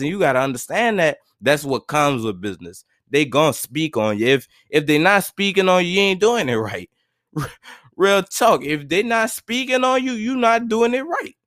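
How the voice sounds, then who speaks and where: Man, motivational podcast host, preachy and repetitive, high voice, dry close sound. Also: fairly bright tone, no echo. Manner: repetitive, preachy, conversational slang, stumbles and restarts. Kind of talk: casual motivational monologue.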